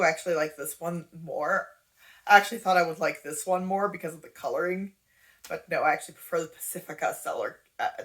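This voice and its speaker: A woman's voice: lowish voice, a bit bright. A woman giving candid, casual reaction commentary, chatty and wry. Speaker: commentary YouTuber.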